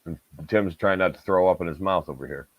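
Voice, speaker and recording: A man, his voice sitting on the low side. He rambles through a casual podcast chat, swearing freely and leaning on filler words. The recording is dry and somewhat dull. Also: a little fast, no room sound. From Southern Tier of New York. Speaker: podcast co-host.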